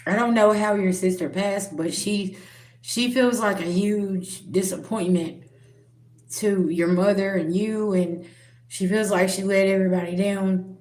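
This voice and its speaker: A woman's voice: medium pitch, steady tone, unhurried, a little mellow. A woman giving a spiritual reading straight to the viewer, earnest and direct. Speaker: spiritual reader. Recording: roomy echo.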